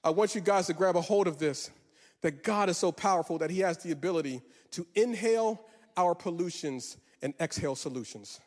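A man's voice: high voice, fairly quick, darkish tone. A male pastor preaching a sermon, rising into a sing-song cadence and drawing out words. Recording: long hall reverb.

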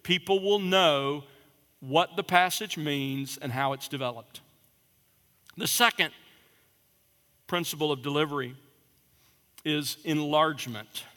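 A man's voice: fairly high pitch, smooth. A man teaching preachers about sermon delivery in an emphatic lecture style, stressing and repeating his key points. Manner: emphatic, repeats key points, drops to a quiet conversational voice to demonstrate. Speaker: preaching instructor. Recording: long reverb in a large hall.

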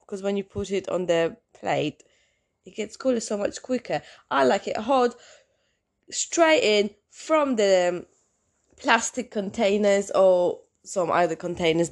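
Solo female podcaster, casual storyteller who waffles and self-corrects, mid-pitched. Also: a little mellow. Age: adult, in a long-term relationship. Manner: rambling, chatty, self-interrupting. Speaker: podcast host.

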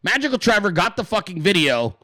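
A man hosting a podcast in a casual, profane rant, acting out quick voices in his stories. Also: high-pitched, no room sound. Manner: animated, swears a lot, acts out voices in his stories. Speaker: podcast host.

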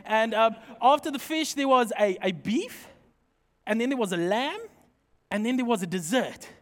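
High-voiced preacher in a reverberant hall. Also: male voice, moderate pace. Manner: leads prayer, then tells lively anecdotes to the congregation. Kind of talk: sermon with humorous personal stories.

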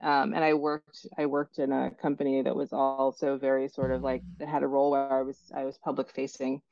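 Low-voiced woman, dull dry recording. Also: a little fast, gravelly, no echo. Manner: relaxed, anecdotal storytelling. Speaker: author guest. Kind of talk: casual podcast conversation.

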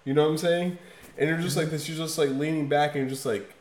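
Swearing guy on a podcast, gets loud then drops way down, echoey room. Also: steady tone, quick pace. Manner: profane, emphatic, swings from loud to low. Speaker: podcast co-host. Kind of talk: casual chat reviewing an album.

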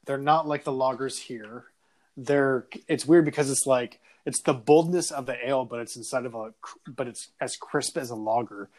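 Brief: male podcast co-host, mid-pitched, animated, laughing storyteller. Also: normal speed. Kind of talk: casual chat.

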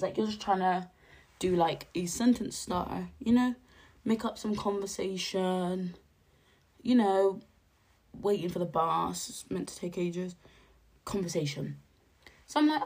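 Young woman host, husky and hoarse, lowish voice, slangy storytelling. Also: moderate pace. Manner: animated, slangy, jumps to high exclaims when quoting. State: hoarse after a night out. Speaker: podcast host. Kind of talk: casual chatty storytelling.

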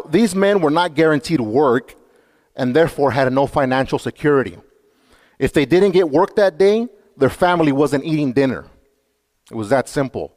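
A man's voice: medium pitch, a little mellow. A male pastor giving a sermon, speaking earnestly and directly to his congregation. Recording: long reverb from a hall.

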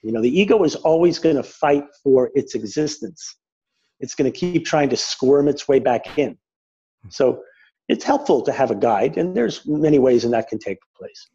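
Mellow, husky man on lo-fi audio. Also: mid-range voice, expressive, normal speed. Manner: gentle, searching, many restarts. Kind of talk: reflective conversation. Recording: dull lo-fi sound.

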